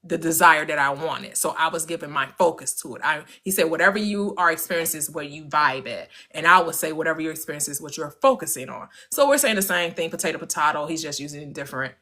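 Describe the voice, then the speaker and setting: A woman co-hosting a casual chat about mindset, relaxed and talkative, laughing often. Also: low voice, quick pace, few pauses.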